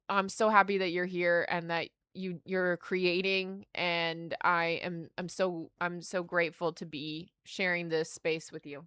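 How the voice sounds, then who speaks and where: Excitable young woman streamer, smooth voice. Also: fairly low pitch, no echo, studio quality. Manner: excitable, gasps and squeals at good pulls, earnest and affectionate to chat. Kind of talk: casual chat while opening trading cards on a charity stream.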